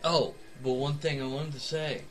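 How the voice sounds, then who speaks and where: A man's voice: on the high side, fairly even intonation, normal speed, soft background music. A man co-hosting a podcast in casual, joking banter, poking fun at himself. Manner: joking, self-deprecating banter. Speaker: podcast co-host. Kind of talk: casual chat.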